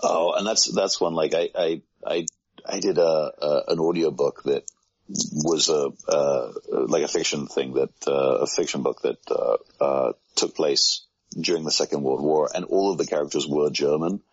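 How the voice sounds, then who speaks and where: Male voice actor, extremely low, breathy-husky, rambling self-deprecating chat. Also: steady tone, normal speed. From United Kingdom. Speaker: voice actor guest. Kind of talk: casual conversation. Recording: muffled low-fidelity sound.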